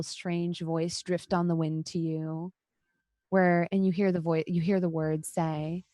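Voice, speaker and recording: A woman's voice: on the low side, darkish tone, dry recording, studio quality. A woman game master narrating a tabletop role-playing game in a casual, descriptive way, with plenty of fillers. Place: home, online session.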